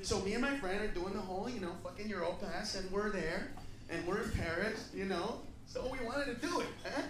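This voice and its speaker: A man doing a profane, animated stand-up routine in a live comedy club, with audience laughter behind him. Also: high-pitched, background noise. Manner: profane, rapid, animated storytelling. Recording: echoey live club from far off, loud crowd. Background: crowd laughter.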